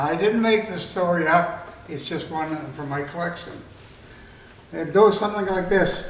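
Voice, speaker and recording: A man in his eighties, an author telling stories at a library event in a meandering, folksy, conversational way. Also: fairly high pitch. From Canada. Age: 80s. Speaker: storyteller and author. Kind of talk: storytelling talk. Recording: roomy room, mic far off, faint noise.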